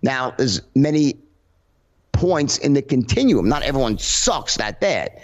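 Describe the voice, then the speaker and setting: Animated man with a dull, lo-fi sound. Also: medium pitch, unhurried. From United States. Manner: animated, acts out tones in quoted examples, many restarts. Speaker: podcast guest, sales trainer. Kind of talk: casual conversational interview.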